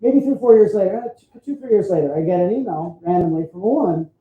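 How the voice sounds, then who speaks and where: A man's voice: high-pitched, animated, fast talker. A man photographer giving a chatty storytelling talk at an expo, often adding "right?" to his points. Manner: chatty, frequent "right?" tag questions. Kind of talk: storytelling presentation. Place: expo hall stage. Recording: roomy, dull sound.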